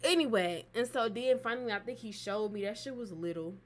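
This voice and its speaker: Her voice is a little high and a little fast as this vlogger casually shares something from her own life. She's profane and relaxed, leaning on plenty of fillers.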